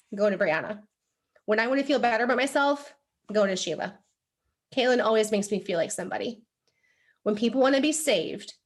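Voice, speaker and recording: A young woman with a slightly high voice gives a lively motivational training talk to a group in a room. She is chatty and animated, peppering her speech with "like" and asking "right?" to keep the room with her. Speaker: sales team trainer. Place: room with a live audience.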